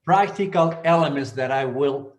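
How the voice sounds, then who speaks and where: A man in his sixties, a pastor from Argentina, teaching a church seminar in an unhurried, repetitive way. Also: fairly high pitch. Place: church hall. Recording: echoey church hall.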